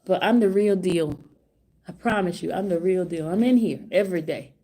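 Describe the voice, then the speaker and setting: A middle-aged woman vlogging casual commentary outside a courtroom, excited and laughing, repeating herself. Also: on the low side, moderate pace. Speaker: trial vlogger. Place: outside a courtroom, hallway area.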